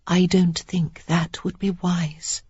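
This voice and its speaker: A reader plays a young Regency lady in disguise, husky and low, drawing out her words with coy teasing. Her pitch dips and climbs with playful flair over a dull, dry lo-fi recording. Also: lively intonation, a little slow, a little mellow, no room sound. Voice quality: throaty, low. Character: young woman posing as a notorious beauty.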